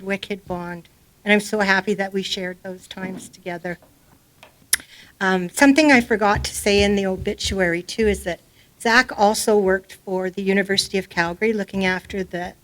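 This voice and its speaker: A woman's voice: mid-range voice, moderate pace, a bit bright. A middle-aged woman speaking as a grieving mother at a memorial, talking off the cuff in a rambling, informal, heartfelt way in a community centre hall. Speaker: grieving mother giving a eulogy. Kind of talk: unprepared memorial speech.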